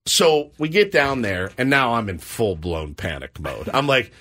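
A man's voice: mid-range voice, a little slow. A man hosting a morning sports radio show, telling a story in a casual chat and acting out the voices of the people in it. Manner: animated storyteller acting out quotes. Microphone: studio microphone.

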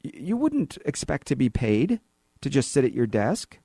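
A Californian man hosts a talk radio show from a studio, giving an opinionated, sarcastic monologue and acting out snippets of dialogue in other voices. His mid-range voice is gravelly and husky at a normal speed, animated throughout, with a clean studio-quality recording and no room sound.

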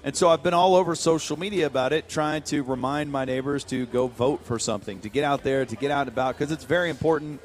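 A man, hosting a radio show, telling a story in lively casual banter and laughing often. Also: mid-range voice, quick pace, hardly any pauses.

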